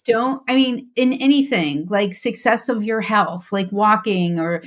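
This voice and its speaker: A woman's voice: mid-range voice, a little slow. A woman guest on a faith podcast, talking earnestly and reflectively about her journey, with frequent restarts.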